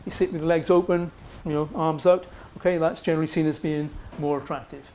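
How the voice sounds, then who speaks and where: A man's voice: on the high side, steady tone, quick pace, a little mellow, slight background noise. A man giving a university psychology lecture in a conversational way, often checking in with "okay" and fillers. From Wales. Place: lecture room.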